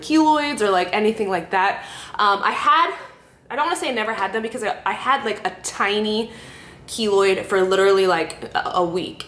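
A young woman chats to the camera in a casual vlog, full of "like"s and acted-out quotes. Her mid-pitched voice rings in an echoey room. A faint low rumble hums in the background. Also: fairly bright tone. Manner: chatty storytelling, many "like"s, acts out quotes. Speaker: vlogger.

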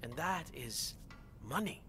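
A corrupt politician, oily and self-assured, with a bright, forceful tone and a lively pitch that rises and falls. He sounds smooth and condescending, a game villain heard over a faint low rumble. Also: slow, full character voice. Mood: menacing. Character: smug corrupt male politician, menacing. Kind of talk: game voice acting.

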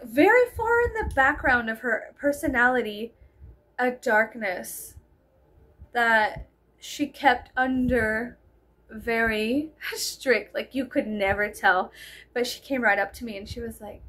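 Giggly high-voiced woman rambling storytime. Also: measured pace, fairly bright tone. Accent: Texan. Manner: rambling, giggly, says "like" constantly. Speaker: vlogger. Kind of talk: casual storytime.

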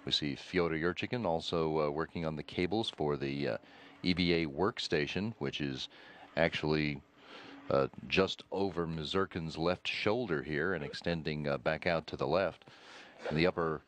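A man giving live broadcast commentary, explaining steadily with frequent "uh" pauses. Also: extremely low pitch, a bit bright, a little hiss or hum. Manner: measured, explanatory, many "uh" pauses. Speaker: mission commentator.

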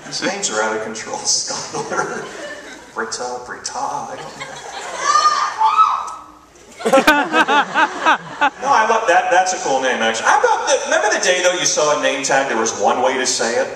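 A man doing a stand-up comedy set, animated and acting out quoted voices. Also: fairly high pitch, a little slow, long pauses, very noisy. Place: large hall with live audience. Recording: echoey hall, distant mic, loud crowd laughter.

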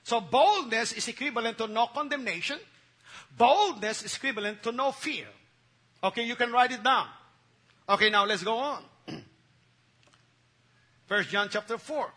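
High bright-voiced preacher. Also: male voice, expressive, normal speed, pauses often. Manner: emphatic call-and-response preaching with repetition. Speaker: pastor. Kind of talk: sermon.

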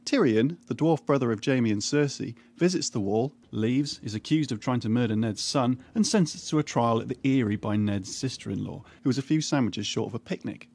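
A man reading a scripted comic recap, full of wry, irreverent deadpan asides. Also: mid-range voice, fairly quick, few pauses, breathy edge. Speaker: narrator. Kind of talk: scripted comedic recap narration.

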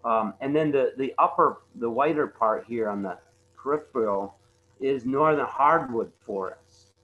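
A man giving a conservation talk over slides, halting often and repeating words with many fillers. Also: mid-range voice, phone-quality sound. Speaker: conservation presenter. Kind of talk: webinar slide presentation.

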